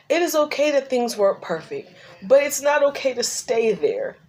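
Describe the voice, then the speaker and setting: A woman's voice: high-pitched, sing-song, normal speed, a little mellow. A middle-aged woman speaking unscripted to camera about grief, earnest and encouraging, her voice turning tearful at times. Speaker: grief vlogger and ministry leader. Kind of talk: unscripted personal talk to camera.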